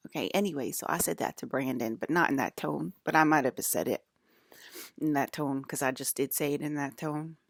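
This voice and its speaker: A woman's voice: low-pitched, brisk, gravelly, no room sound, clean studio sound. A woman talking straight to her viewers in a loose, rambling monologue, swearing freely and laughing often. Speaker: vlogger.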